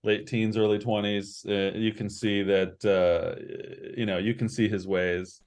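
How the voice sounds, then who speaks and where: A man's voice: lowish voice, flat delivery, measured pace, a little mellow, slight background noise. A man narrating as game master in a tabletop game, meandering and full of fillers.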